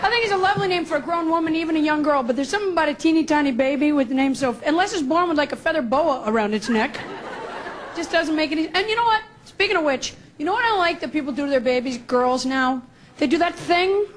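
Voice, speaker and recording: A woman's voice: high voice, lively intonation, fast. A woman doing a stand-up routine on a club stage, chatty and sarcastic. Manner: chatty, conversational, sarcastic asides. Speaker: stand-up comedian. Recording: noisy club recording with audience.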